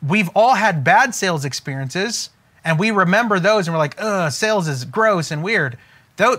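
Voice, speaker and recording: Guy doing a motivational business talk, high bright voice, preachy and emphatic. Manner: emphatic, preacher-like, slows down on key phrases. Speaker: business coach.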